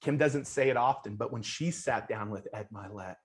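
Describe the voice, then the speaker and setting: A man's voice: medium pitch, moderate pace. Earnest male interview host. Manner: earnest, loose with frequent restarts. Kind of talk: casual interview hosting.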